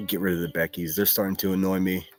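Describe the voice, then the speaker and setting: A man with a Pittsburgh accent hosts a livestream in a low voice, chatting loosely, swearing freely and calling out names from chat. Faint music plays under his talk. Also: flat delivery, fast talker. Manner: profane, chatty, reads chat names aloud. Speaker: livestream host. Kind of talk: casual livestream commentary.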